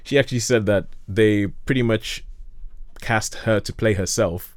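A man's voice: lowish voice, a little slow, no room sound, clean studio sound. A man chatting casually about films as a host, enthusiastic and rambling, with frequent restarts. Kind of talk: casual film chat.

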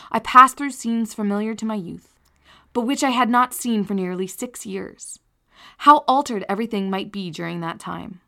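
A woman reading a novel aloud as an audiobook narrator, in an earnest and measured storytelling manner. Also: mid-range voice, creaky, fairly bright tone. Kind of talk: scripted narration.

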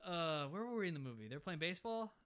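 A speaker chatting casually about a film, sarcastic, acting out scenes in quick funny voices. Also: mid-range voice, very animated, fairly bright tone, smooth. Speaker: co-host of a movie discussion podcast. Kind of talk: casual chat.

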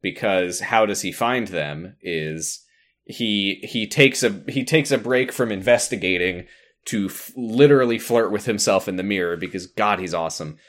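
A man's voice: fairly low pitch, moderate pace. A man co-hosting a podcast, recapping a TV episode casually and with amusement. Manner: amused, laughs while recapping. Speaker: podcast co-host.

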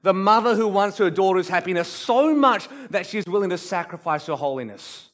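A man preaching a sermon, animated, acting out quotes and dropping to soft emphasis. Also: sits high, moderate pace. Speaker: pastor.

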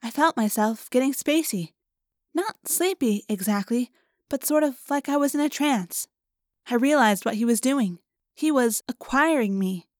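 A woman reading a first-person audiobook in a clear, even storytelling manner. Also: sits high, measured pace, dry recording, studio quality. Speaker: audiobook narrator.

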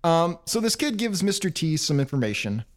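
A man co-hosting a casual comedy podcast with a fairly high voice that swings lively up and down. He recaps the story and drops dry, absurd jokes. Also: normal speed. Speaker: podcast co-host.

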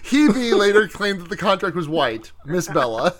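A man's voice: high voice, very animated, normal speed, crowd noise. A man co-hosting a casual podcast chat, laughing as he retells a film scene. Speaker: podcast co-host.

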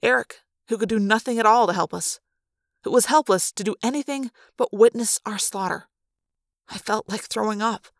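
A woman narrating a first-person adventure story in a fan audiobook, in a steady, expressive storytelling manner. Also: a little high, brisk, dry recording, clean studio sound.

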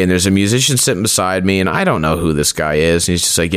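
Guy w a lowish voice telling a funny story, does voices for the quotes, dry close sound. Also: fast talker, clear, resonant tone, no room sound. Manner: animated, acts out quotes with pitch jumps. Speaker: storyteller guest; performer. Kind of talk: casual anecdote telling.

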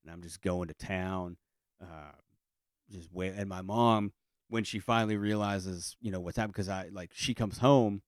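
A man's voice: low-pitched, moderate pace, dry recording, clean studio sound. A middle-aged man telling a childhood story in a casual, comic way, rambling with lots of fillers and restarts. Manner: acts out family voices in quotes.

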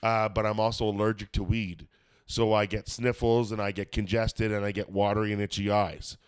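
A man's voice: lowish voice, little pitch movement, normal speed, clean tone, dry recording, clean studio sound. A man, a comedian hosting a podcast, chatting casually and rambling with lots of swearing and fillers; he has a cold and a smoker's cough. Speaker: podcast host and stand-up comedian. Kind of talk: casual chat.

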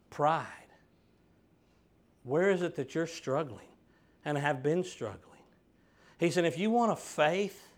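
A man preaching a sermon, emphatic and direct with his listeners. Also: on the high side. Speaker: pastor.

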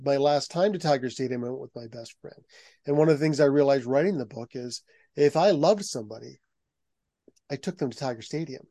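A middle-aged man, a guest author, telling anecdotes in a lively, conversational way. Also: medium pitch, fairly quick, no room sound. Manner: lively anecdotal telling, acts out quoted voices. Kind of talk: conversational storytelling.

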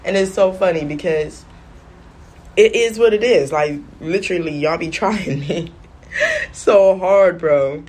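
A young woman, telling stories in a sassy, animated casual rant, coughing now and then. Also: on the low side, measured pace, breathy edge. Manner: animated, sassy storytelling with patois slips. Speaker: vlogger. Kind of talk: casual smoking-session rant.

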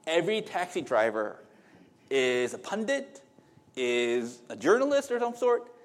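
A man's voice: a little high, very animated, measured pace. A middle-aged man preaching a sermon in a conversational way, with asides to the congregation and many restarts. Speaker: pastor.

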